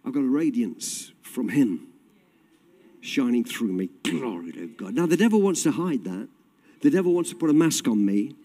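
A man preaching a sermon with passion, swinging from loud cries to quiet, low tones. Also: expressive, normal speed. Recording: long hall reverb.

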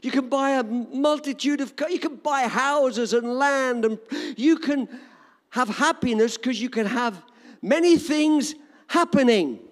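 A man's voice: very high voice, measured pace, in a large hall. An older man with an English accent preaching a sermon in an emphatic, repetitive cadence. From England.

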